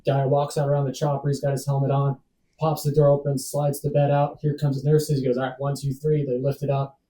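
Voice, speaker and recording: A man's voice: medium pitch, completely flat delivery, a little fast, warm tone, recorded from a distance, low-quality recording. A man telling a personal story as a podcast guest, laid-back, acting out other people's lines. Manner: laid-back, acts out dialogue, says "dude" and "man" often.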